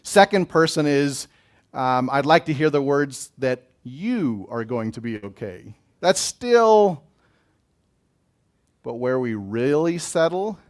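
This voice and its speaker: A man giving a gentle, emotional pastoral talk on blessing, speaking to listeners as a chaplain. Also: medium pitch, lively intonation, slow pace. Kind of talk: reflective spiritual talk.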